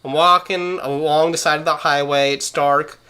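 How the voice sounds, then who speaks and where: A young man hosts a relaxed podcast chat, spinning a story and acting out the voices of everyone in it. His tone is bright and clear, and his delivery is lively. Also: fairly high pitch, normal speed. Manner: animated storyteller, acts out quoted voices. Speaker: podcast host.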